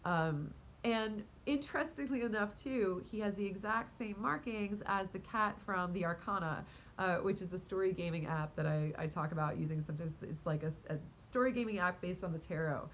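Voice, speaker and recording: A woman casually telling a story to her viewers in a rambling, animated way, full of fillers, restarts and quick laughs. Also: fairly low pitch, a little hiss or hum, low-quality recording. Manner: talks to her cat mid-story. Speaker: vlogger and spiritual coach.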